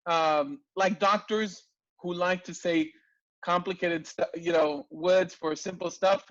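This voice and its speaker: A man teaching an online language class, lively and full of rhetorical questions. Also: high-pitched, a little slow, no room sound, dull audio. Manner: lively, asks rhetorical questions, frequent restarts. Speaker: language lecturer.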